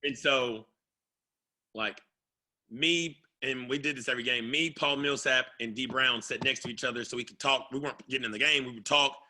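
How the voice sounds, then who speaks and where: A man, a former basketball player, telling a story in a casual interview, animated and playful. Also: mid-range voice, moderate pace. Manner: animated, playful, acts out what others said.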